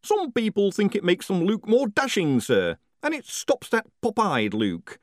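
A man's voice: sits high, huge pitch swings, a little slow, no room sound, studio quality, pitched above the performer's own voice, heavily acted. A man doing a chirpy, polite executioner. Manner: chirpy, overly courteous. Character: cheerful polite male executioner.

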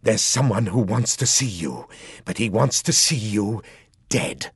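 A man's voice: lowish voice, animated, measured pace, husky, no echo, clean studio sound, heavily acted. A man doing a sneering female assassin.

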